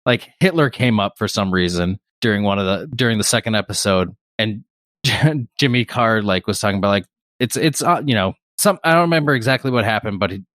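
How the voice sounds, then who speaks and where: A man's voice: on the low side, expressive, brisk, fairly bright tone, no echo, clean studio sound. Rambling laid-back male podcast co-host. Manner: rambling, laughs often, swears casually. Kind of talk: casual podcast chat.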